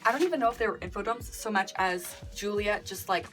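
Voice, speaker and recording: A young woman giving a casual book review vlog, animated and sarcastic, who mocks quoted lines in a breathy whisper. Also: mid-range voice, quick pace, music in the background.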